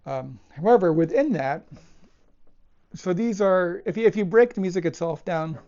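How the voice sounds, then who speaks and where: A man teaching a piece of music, talking it through thoughtfully with pauses and restarts as he demonstrates it. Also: sits high, expressive. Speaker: cellist teacher. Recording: dull lo-fi with cello playing. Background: cello phrases between remarks.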